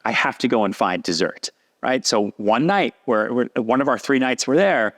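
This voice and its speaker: A man, a podcast guest telling a long story in a lively casual way and acting out what others said. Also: medium pitch, moderate pace. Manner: animated, acts out quoted voices.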